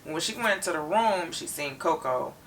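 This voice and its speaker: A woman co-hosting a reaction show, recapping an episode in an animated, detailed storytelling way. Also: low-pitched, moderate pace, recorded from a distance, a little hiss or hum. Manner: expressive storyteller, retells scenes in detail.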